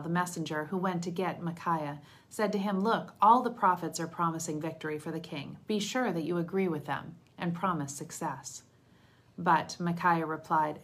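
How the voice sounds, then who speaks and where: A woman reads scripture aloud in a lowish voice, steady and measured. She gives the quoted speech a light touch without really acting it out. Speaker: Bible reader.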